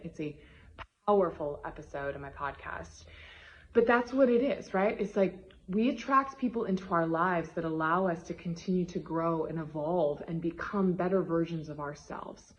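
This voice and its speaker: A woman's voice: fairly low pitch, dull audio. A woman love coach talking to her audience in a motivational vlog, emphatic and gushing, tagging her points with "right?".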